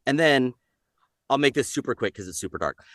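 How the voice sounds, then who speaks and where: A man's voice: medium pitch, brisk, no room sound, clean studio sound. A man, a voice actor, talking casually on a podcast and breaking into voices. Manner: animated, jumps into voices.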